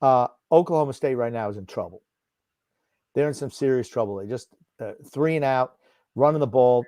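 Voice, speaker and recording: A man's voice: medium pitch, a little fast, dark tone, dry recording. A man co-hosting a sports watchalong stream, commenting on a football game with dry, sarcastic jokes. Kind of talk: casual sports commentary chat.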